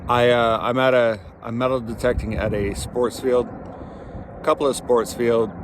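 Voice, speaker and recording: A young man narrates his metal-detecting outing in a loose, rambling way, often stopping and restarting mid-sentence. His voice sits at an everyday middle pitch. The recording is made outdoors on a camera mic, with clear wind and ambient noise behind him. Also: steady tone. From Maine. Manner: rambling, chatty, halting restarts. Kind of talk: casual outdoor vlog narration. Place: outdoors in a cold field.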